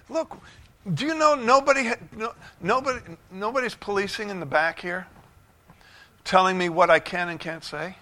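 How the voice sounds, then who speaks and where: A man preaching a sermon from the pulpit, fervent, swinging from low, quiet lines to shouted bursts of joy. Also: animated, moderate pace. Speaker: pastor. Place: church sanctuary.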